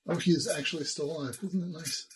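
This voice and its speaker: A man's voice: fairly high pitch, fairly even intonation, fast. A man running a tabletop game as game master, casual and wry, thinking aloud through combat. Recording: binaural mic, faint background noise.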